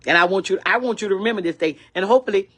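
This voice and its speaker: An older woman vlogger talks rapid-fire in a mid-range voice during an angry complaint rant. She repeats herself again and again, emphatic, indignant, and preachy.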